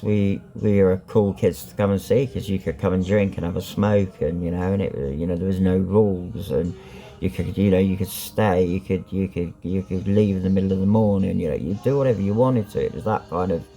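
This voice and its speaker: A man's voice: low voice, gravelly, dark tone. A man vlogging candidly about his life, talking bluntly and rambling with lots of ums and you-knows. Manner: blunt and frank, swears. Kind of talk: candid personal vlog.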